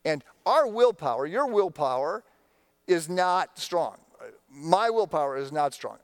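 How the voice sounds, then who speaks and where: A man's voice: fairly high pitch, smooth, no echo. A man preaching a sermon in a conversational storytelling way, candid and self-deprecating. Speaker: pastor.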